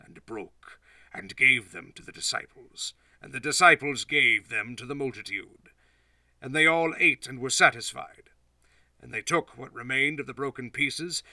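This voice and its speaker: A man reading scripture aloud as scripted narration, in a steady, formal way. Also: medium pitch, no room sound, distant mic. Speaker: scripture reader.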